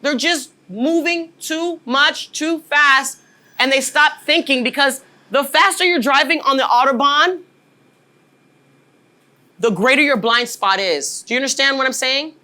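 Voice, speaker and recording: Woman, 40s, leadership trainer, motivational talk, emphatic, keeps asking "right?", bright tone. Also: high-pitched, a little slow.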